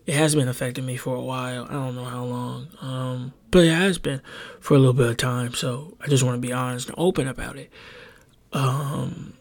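A young podcast host with a gravelly voice talks solo and confessionally into a close desk mic in his home bedroom. His medium pitch stays fairly even at normal speed as he rambles hesitantly, full of ums and self-corrections.

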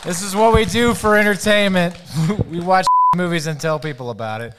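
A man's voice: high-pitched, normal speed, over a noisy crowd, heavy background noise. A man hosting a podcast at a live theater show, chatting and laughing as he plugs the show. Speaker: podcast host. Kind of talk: casual live podcast chat.

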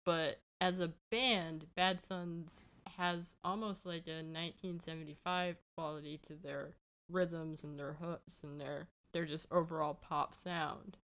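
Young woman podcast co-host, somewhat low voice, easygoing with dry quips. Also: steady tone, unhurried, a bit bright. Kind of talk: casual chat.

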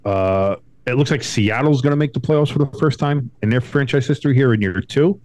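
A man co-hosting a casual sports podcast from home, talking in an animated, profane way and mocking others in high put-on voices. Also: fairly quick, no room sound. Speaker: podcast co-host.

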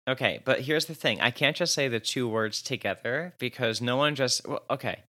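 A man's voice: mid-range voice, moderate pace, pushed and bright. A man from New Jersey with a New Jersey accent, co-hosting a podcast in a casual, wry chat and laughing often. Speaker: podcast co-host.

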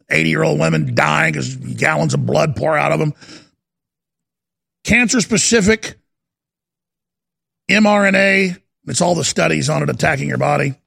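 A man's voice: high voice, vocal fry, a bit bright. A man hosting a call-in radio show, reading headlines aloud in a sarcastic, mocking tone. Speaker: radio talk show host. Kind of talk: heated call-in radio monologue.

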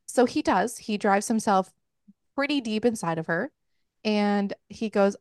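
A woman's voice: mid-range voice, a little slow, dry recording, clean studio sound. A woman hosting a podcast, casually and frankly recapping a book with lots of filler words. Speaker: podcast host.

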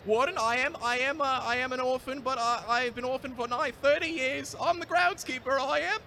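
A man voicing an orphaned male groundskeeper in a high, put-on accent, apologetic and eager. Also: steady tone, fairly quick, vocal fry, sharp tone, a little hiss or hum, full character voice. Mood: nervous.

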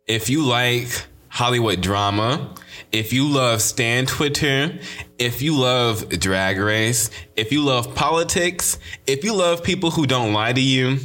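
A man's voice: medium pitch, takes it slowly, sharp tone, soft background music. A young man hosting his podcast in a playful, slangy monologue, repeating phrases for emphasis. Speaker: podcast host.

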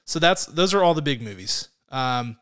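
A man's voice: mid-range voice, expressive, normal speed, a bit bright, smooth. A man co-hosting a casual film podcast, rambling, often laughing and searching for words. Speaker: podcast co-host.

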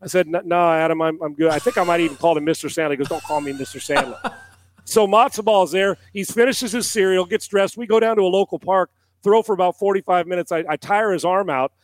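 On a podcast, a guest who is a former NFL quarterback and analyst spins a yarn in a high-pitched voice. He talks fast as an animated storyteller, acting out quotes and swearing casually.

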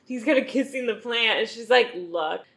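A woman's voice: fairly high pitch, normal speed, creaky, fairly bright tone. A woman recapping a movie's plot in casual comedic chat, laughing often and acting out the characters' lines. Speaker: podcast co-host.

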